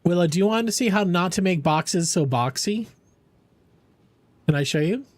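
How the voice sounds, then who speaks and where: A playful young man chats with his stream audience while he plays, rambling from joke to joke. His voice sits high. He talks with a lively, swooping lilt. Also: normal speed, dry recording. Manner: playful, rambling, answers chat and jokes around. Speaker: game streamer. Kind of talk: casual live-stream chat.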